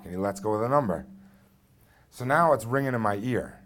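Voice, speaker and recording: On stage at a microphone, a man in his thirties tells a personal story live in the first person, conversational and blunt with frequent fillers. His voice is fairly low, expressive, and a little fast.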